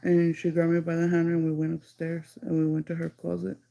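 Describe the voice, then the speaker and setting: A woman's voice: on the low side, monotone, vocal fry, mellow, poor audio. A woman casually telling a story on a livestream, rambling with lots of "like" and slipping into Spanish. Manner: rambling, heavy use of "like", slips into Spanish; stretches some phrases out slowly when stressing them.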